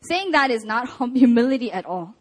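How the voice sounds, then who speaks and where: A young woman preaching a sermon and telling a personal story, animated with laughs and acted-out quotes. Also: on the high side, fairly quick.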